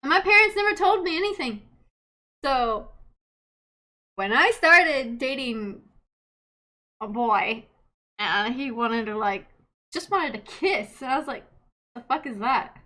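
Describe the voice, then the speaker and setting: A woman in her late twenties, a streamer telling stories in casual chat, animated, laughing often and swearing freely. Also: high-pitched, takes it slowly, pauses often. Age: late 20s.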